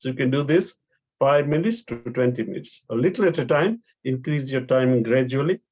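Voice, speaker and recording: A man teaching a therapy class, giving calm step-by-step instructions for breathing exercises and pressure points. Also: medium pitch, normal speed, lo-fi sound. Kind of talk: guided breathing and acupressure class.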